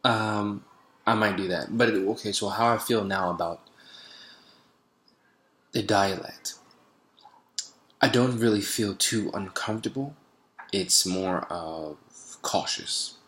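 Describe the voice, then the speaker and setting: Hesitant low-voiced man in an echoey room. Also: takes it slowly, long pauses, a bit bright. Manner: hesitant, many fillers and restarts. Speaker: vlogger practicing accents. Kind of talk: reflective spoken video diary.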